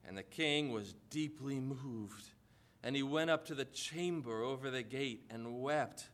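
A man preaching a sermon, retelling a scripture story with slow, emphatic pauses and rhetorical questions. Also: mid-range voice, fairly bright tone.

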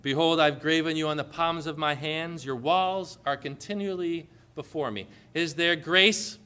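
A man preaching a sermon with passion, building to emphatic, forceful proclamations. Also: fairly high pitch, normal speed, few pauses, clear, resonant tone.

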